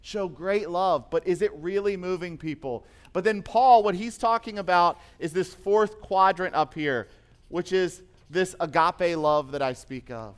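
A male pastor preaching a sermon in a church, moving from emphatic points to quiet, intimate storytelling. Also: high-pitched, measured pace, clean tone.

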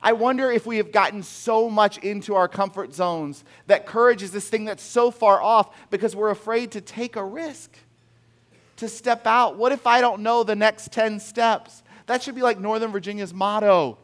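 Animated male pastor preaching. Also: high voice, moderate pace. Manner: animated, acting out quotes with big swings in volume. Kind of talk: sermon.

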